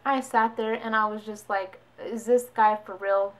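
A woman's voice: medium pitch, normal speed. A young woman vlogger telling a story casually, switching voices to quote people. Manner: chatty, animated quoting of others.

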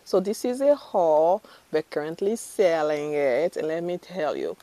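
A woman's voice: lowish voice, big pitch swings, unhurried, mellow, dry recording. Chatty woman gushing over jewelry. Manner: gushing, chatty, lots of fillers and self-corrections. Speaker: fashion vlogger. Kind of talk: casual try-on haul chat.

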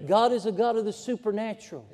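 A man's voice: high voice, fast talker, darkish tone, big-room sound. A man preaching a sermon in a folksy, emphatic way, building to fervent passages. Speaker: pastor. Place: church sanctuary.

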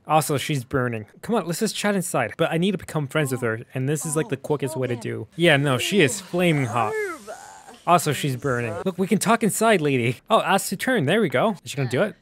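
A man hosting a gaming video, chatting casually over gameplay and often talking back to the characters with excited outbursts. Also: fairly high pitch, fast, hardly any pauses, a crowd in the background. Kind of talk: casual let's-play commentary.

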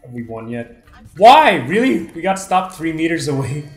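Male gamer, excitable swearer, lively pitch, roomy echo. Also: moderate pace, faint music behind. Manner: excitable, swearing, loud yelps. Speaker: gamer co-host. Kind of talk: casual let's-play chat. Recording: roomy echo with faint noise.

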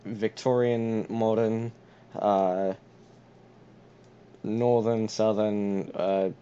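A man's voice: fairly low pitch, little pitch movement, drawn-out words, dark tone, smooth, muffled recording. A young man gaming and chatting casually, with dry sarcastic banter. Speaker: gamer.

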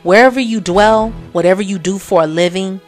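A woman hosts a motivational podcast, speaking briskly and preachily, repeating phrases for emphasis as she swings from low murmurs to loud exclamations. Faint music plays behind her.

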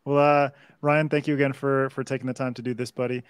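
A man's voice: medium pitch, little pitch movement, fast, clean tone. A male podcast co-host wrapping up a livestream chat, laid-back and friendly, swearing casually.

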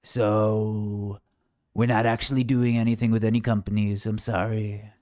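A man's voice: lowish voice, flat delivery, a little slow, darkish tone, no room sound, studio quality. A man giving rambling, sarcastic livestream commentary, mocking and wandering off topic.

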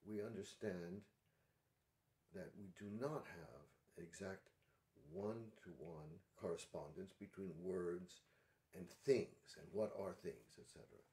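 A man hosting a livestream, talking in a thoughtful, halting way with many pauses and restarts. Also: low-pitched, mellow, reverberant. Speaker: livestream host. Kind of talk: casual spoken commentary.

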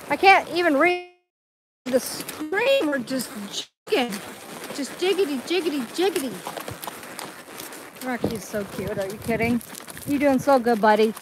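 A woman's voice: high-pitched, a little slow, pauses often, noisy background. A woman live-streaming on her phone while riding a horse on a trail outdoors, chatting casually and coaxing her dog along in a sing-song voice.

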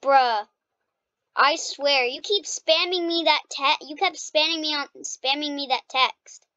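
High-voiced woman, playful gaming chatter. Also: steady tone, pushed and bright, muffled recording. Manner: playful, quick to protest and tease. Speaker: gaming channel host. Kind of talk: casual gameplay commentary.

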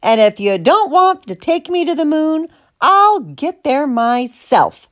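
A woman's voice: fairly high pitch, lively intonation, slow pace. A woman playing Martha, a stubborn dramatic cow. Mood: wailing. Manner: whiny, dramatic. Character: stubborn dreamy female cow.

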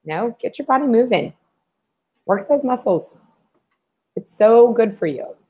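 A woman on a fitness panel who talks in a lively way and acts out the voices she quotes. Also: fairly high pitch, unhurried, slightly rough. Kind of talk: casual panel discussion. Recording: slightly dull lo-fi audio.

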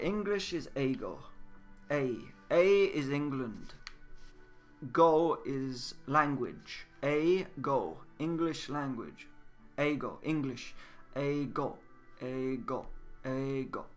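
A man giving a casual, patient Japanese lesson, repeating words and drilling them slowly. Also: mid-range voice, bright, forceful tone. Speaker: Japanese language teacher. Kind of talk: casual spoken language lesson. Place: indoors at a computer, game voice chat.

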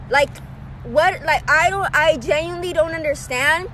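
A woman's voice: high-pitched, normal speed, a bit bright, slight background noise. A young woman, a runner, ranting angrily to her phone at a park, exasperated and repeating herself. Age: young adult. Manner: heated, exasperated, repeats "freaking" and "like". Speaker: runner vlogging. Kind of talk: angry rant to camera. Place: outdoors at a park.

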